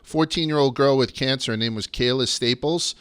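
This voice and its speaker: Bright, crisp-voiced man hosting a podcast. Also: medium pitch, a little fast, no echo. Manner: loose and swearing, storytelling. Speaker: podcast host. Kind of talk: casual podcast chat.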